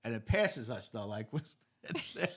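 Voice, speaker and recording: A man, a host and former police officer, telling chuckling anecdotes in a relaxed interview. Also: mid-range voice, measured pace, husky. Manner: relaxed storyteller, chuckles through his anecdotes. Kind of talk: casual interview chat.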